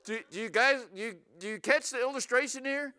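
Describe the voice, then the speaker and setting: A man's voice: extremely high pitch, fairly quick. A man preaching a sermon to his congregation in church, asking them questions often. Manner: animated, asks the congregation questions. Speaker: pastor. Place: church sanctuary.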